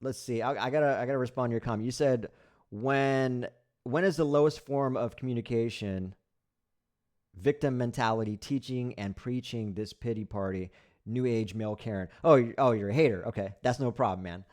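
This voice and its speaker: A man's voice: mid-range voice, normal speed, darkish tone. A man hosting a casual live stream, bluntly critiquing sayings and answering chat comments, repeating himself with many fillers and restarts. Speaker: livestream host.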